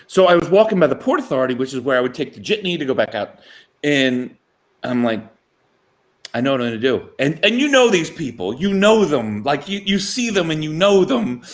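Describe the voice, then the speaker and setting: Male sports-show co-host, tenor-leaning voice, animated storyteller who laughs between lines. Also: on the high side. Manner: animated anecdote-telling, chuckling mid-sentence. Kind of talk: casual storytelling chat.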